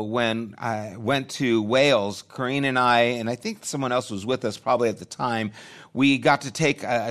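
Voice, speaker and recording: A man preaching a sermon, talking in a conversational way and thinking aloud with restarts. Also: medium pitch. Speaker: pastor.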